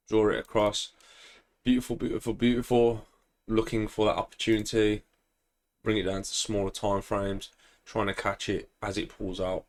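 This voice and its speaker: Young man, fairly low voice, laid-back chart commentary with self-praise and filler words. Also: a little slow. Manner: relaxed, chatty, self-congratulating, many ums and throat clearing. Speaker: forex trader. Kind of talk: casual screen-share market commentary.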